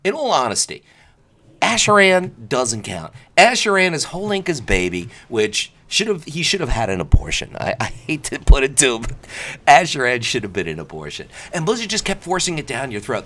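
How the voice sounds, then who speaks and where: Lively, sarcastic man ranting over gameplay. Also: medium pitch, fairly quick, slight background noise. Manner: animated, sarcastic, mocks others with put-on voices. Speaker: gameplay commentator.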